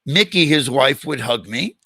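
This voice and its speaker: Older guy hosting a chat, bright forceful voice, dry close mic, acts out the quotes. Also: medium pitch, unhurried, slightly rough, no room sound. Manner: animated storyteller, acts out quoted dialogue. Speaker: podcast host. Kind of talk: storytelling in a casual interview.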